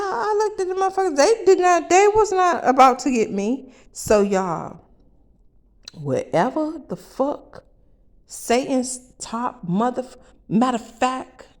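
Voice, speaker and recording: A woman telling a wild first-person story for a vlog, brash and profane, with loud bursts and asides to her viewers. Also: mid-range voice.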